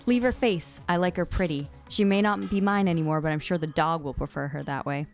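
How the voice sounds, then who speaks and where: A woman reading aloud the lines of a cruel, arrogant teenage boy king from fan fiction, in a low voice. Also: brisk, faint music behind, lightly acted.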